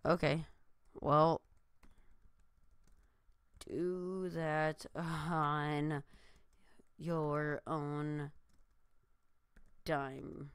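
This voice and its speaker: A man's voice: a little high, level tone, drawn-out words, pauses often, a bit bright, clean tone, no echo, clean studio sound. A tired young man vlogging from his room, rambling with lots of fillers and restarts. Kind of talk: casual chat to camera. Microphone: new desk mic.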